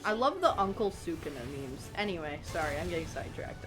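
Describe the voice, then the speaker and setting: A woman's voice: fairly low pitch, sing-song, a little fast. Rambling young woman streamer over game music. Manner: rambling, chatty, easily sidetracked. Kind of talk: casual gaming chat.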